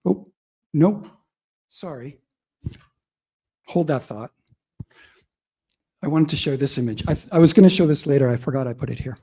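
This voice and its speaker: Chatty male lecturer with husky, mellow voice. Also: on the high side, moderate pace, long pauses. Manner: casual, chatty, laughs often. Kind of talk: academic lecture.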